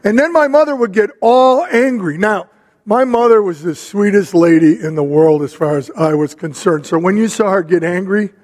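A middle-aged man giving a sermon with a measured storytelling manner, pausing between phrases. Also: sits high, darkish tone. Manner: measured, storytelling preacher with pauses. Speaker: pastor. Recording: long reverb of a hall.

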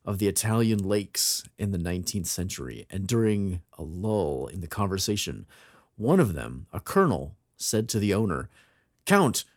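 A man with a lowish voice, chatting casually and then reading an old ghost tale aloud. He throws himself into the quoted lines with raised, dramatic delivery. The recording is dry and close. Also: expressive, moderate pace, no room sound. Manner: reads aloud with theatrical voices for quoted characters. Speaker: podcast co-host.

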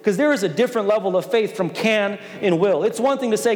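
A man's voice: high voice, quick pace, hardly any pauses. A middle-aged man preaching a sermon as pastor, earnest, often repeating words as he presses a point. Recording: long hall reverb with soft music behind.

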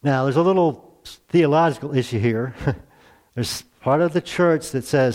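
A middle-aged man preaching a sermon to his congregation, conversational and earnest, asking rhetorical questions and swinging between hushed asides and emphatic raised lines. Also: a little high, moderate pace. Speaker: pastor.

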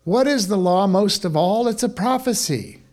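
A man's voice: high-pitched, normal speed. Conversational man preaching a sermon. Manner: conversational, animated preaching with asides. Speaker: pastor.

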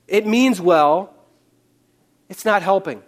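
A male pastor preaching a sermon into a microphone, moving from loud, pleading bursts to hushed, slow passages. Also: high voice, animated.

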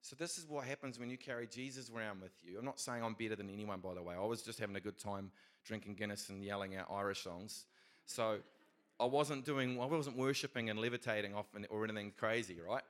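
Man, New Zealand accent, middle-aged, low-ish voice, casual rambling testimony, restarts a lot. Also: fast. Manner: rambling, earnest, with frequent restarts. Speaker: Christian speaker telling a testimony. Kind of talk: casual storytelling.

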